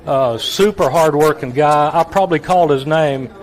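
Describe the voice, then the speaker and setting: A man, a retired stadium announcer, telling stories in a folksy, halting way with repeated words. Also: fairly high pitch. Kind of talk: reminiscing guest on a talk show.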